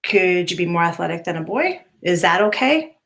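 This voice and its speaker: A woman's voice: fairly low pitch, sing-song, normal speed, fairly bright tone. Chatty woman teacher giving a lecture. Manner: conversational, frequent fillers and tag questions. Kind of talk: recorded lecture to students.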